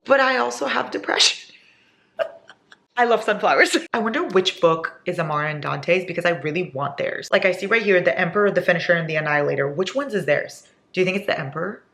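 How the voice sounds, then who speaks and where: A woman's voice: mid-range voice, gravelly. A young woman in her twenties, chatting casually and dramatically in a reading vlog from home. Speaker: book vlogger. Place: indoors at home.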